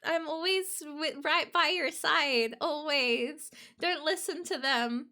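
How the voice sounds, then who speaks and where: A woman voicing a clinging, reassuring ghostly young woman, soft and pleading. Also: sits high, slow, exaggerated voice. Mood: tender.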